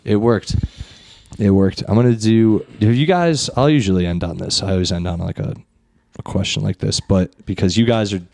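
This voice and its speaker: Low-voiced young man hosting a podcast. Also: brisk, creaky, a little mellow, slight background noise. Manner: loose and profane, retells scenes with put-on quotes. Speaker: podcast host. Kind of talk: casual podcast chat.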